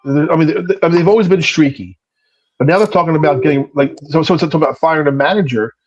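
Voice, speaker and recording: A man's voice: on the high side, fast, a little mellow, faint music behind. A man from South Jersey with a South Jersey accent, joking bluntly in a casual sports chat. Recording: dull lo-fi sound.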